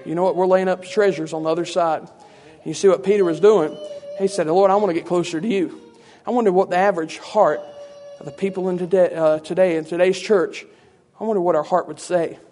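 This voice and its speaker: Brief: high-voiced male preacher giving a conversational teaching sermon full of rhetorical asides. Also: steady tone, a little fast, dark tone, soft background music.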